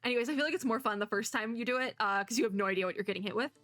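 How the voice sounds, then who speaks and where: A young woman streamer giving chatty, giggly commentary while playing a game and reading its story aloud, breaking into excited squeals. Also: a little high, rapid-fire, no echo, faint music behind. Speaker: VTuber streamer.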